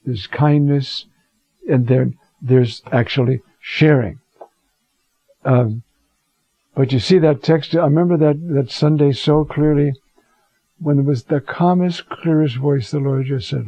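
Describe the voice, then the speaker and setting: A male priest preaches in a loose, conversational way and lifts into emphatic readings when he quotes scripture. His voice sits fairly high for a man but sounds warm and mellow. The recording is dull and muffled. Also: slow, no echo. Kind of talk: sermon.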